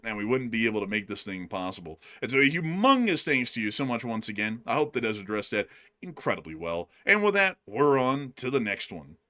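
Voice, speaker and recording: A man's voice: medium pitch, bright, forceful tone. A man co-hosting a casual stream, chatty and laughing often as he answers viewer questions. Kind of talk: casual livestream chat.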